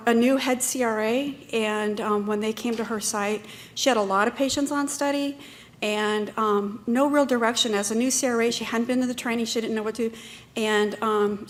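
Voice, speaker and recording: A woman giving a talk at a conference, speaking in a chatty way with many fillers and restarts. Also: on the high side. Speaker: conference presenter. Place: conference room.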